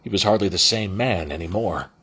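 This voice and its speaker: A man's voice: sits low, a little fast, a bit bright, breathy edge. A man reading a novel aloud as an amateur audiobook narrator, with frequent restarts and self-corrections. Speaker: audiobook reader.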